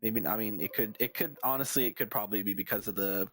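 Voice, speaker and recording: A man's voice: fairly low pitch, fast. A man streaming a video game, chatting in a rambling, musing way as he plays. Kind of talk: casual gameplay commentary.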